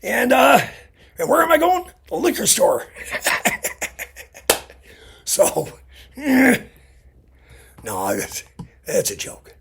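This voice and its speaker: A man's voice: very high-pitched, wildly swooping pitch, takes it slowly, creaky, pauses often, fairly bright tone, slightly rough. A man casually telling a rambling, chatty story with lots of asides in a vlog. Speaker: vlogger. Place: Illinois.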